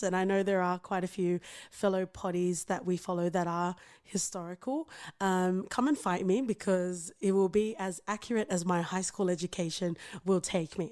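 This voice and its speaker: A woman's voice: fairly low pitch, a little mellow, smooth. A woman with an Australian accent co-hosting a podcast, chatting casually in a playful, profane way and often laughing. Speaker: podcast co-host. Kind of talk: casual chat.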